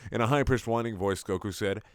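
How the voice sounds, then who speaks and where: A man reading fan fiction aloud for laughs, jumping between put-on voices and sudden shouts. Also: lowish voice, quick pace, smooth, no echo, studio quality. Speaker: comedic reader of fan fiction. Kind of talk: mock dramatic reading.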